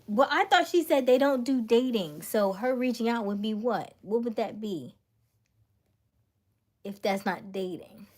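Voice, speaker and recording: A woman's voice: a little high, expressive, measured pace, darkish tone. A woman livestreaming, chatting playfully with her viewers and laughing often. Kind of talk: casual livestream chat with viewers.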